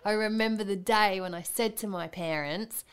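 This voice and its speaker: A woman in casual chat, reacting with quick teasing remarks and laughter. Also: mid-range voice.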